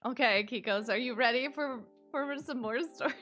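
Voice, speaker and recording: A woman streamer chatting live with her viewers, excitable and fond of cutesy minced oaths. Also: fairly high pitch, moderate pace, soft background music.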